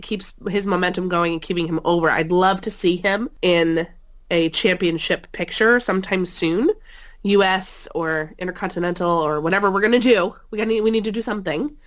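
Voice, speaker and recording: A woman with a mid-range, slightly bright voice talks at normal speed as co-host of a laid-back wrestling podcast, joining via a remote call mic. She sounds nasal and stuffed up from a cold, and she frequently laughs and teases.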